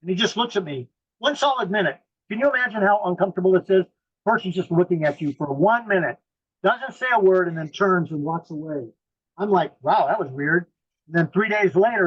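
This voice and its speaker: A man's voice: fairly high pitch, dull audio. A man telling his story bluntly and animatedly in an interview, acting out the quotes. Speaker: guest, mystic.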